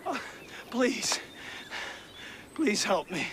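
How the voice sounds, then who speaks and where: An angry, desperate father, high and lively voice, forceful shouting, noisy film soundtrack. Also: very slow, heavily acted. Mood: pleading. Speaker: mine owner and father. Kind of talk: film acting. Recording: film audio with clear background noise.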